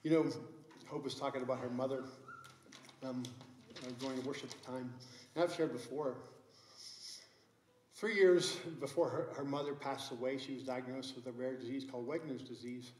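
Earnest middle-aged pastor in echoey room. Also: male voice, medium pitch, fairly even intonation, normal speed, pauses often, darkish tone, a little hiss or hum. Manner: earnest storytelling with many restarts. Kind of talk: sermon. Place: church sanctuary.

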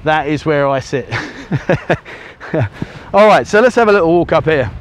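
A man's voice: fairly high pitch, lively intonation, takes it slowly, a little hiss or hum. A man vlogging casually as he walks along a beach, talking to a handheld camera in a rambling way full of ums and uhs, a little out of breath. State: out of breath from walking on sand. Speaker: travel vlogger. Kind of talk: casual walking vlog to camera. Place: outdoors on a sunny beach. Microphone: handheld camera he turns around.

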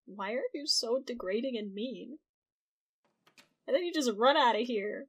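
A woman's voice: fairly high pitch, animated, a little slow, pauses often, husky. A woman casually narrating her own gameplay, reacting aloud and swearing. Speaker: gaming streamer. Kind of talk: let's play commentary.

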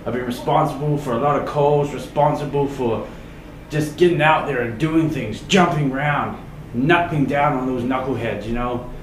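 A man's voice: mid-range voice, normal speed, natural voice. A man with a New Zealand accent playing a boastful, rambling police officer in a comedy skit. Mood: bragging. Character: bragging Kiwi male cop in a spoof. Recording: echoey room with noise.

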